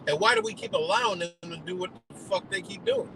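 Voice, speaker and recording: A man's voice: high voice, huge pitch swings, fast talker, vocal fry, few pauses, pushed and bright, slight background noise, rough recording. A man on a live stream delivering a heated, profane rant full of rhetorical questions. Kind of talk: ranting monologue.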